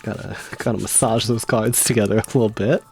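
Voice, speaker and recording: A man's voice: on the low side, fairly even intonation, a little fast, gravelly, darkish tone, soft background music. A man streaming live, chatting casually and reading tarot cards, giggly and rambling with frequent laughs.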